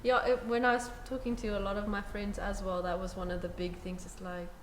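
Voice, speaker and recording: A woman's voice: medium pitch, little pitch movement, brisk. Woman guest, first-time mom, friendly and agreeable, echoey room with faint hiss. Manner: agreeable, laughs often, many short backchannels. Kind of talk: casual interview chat.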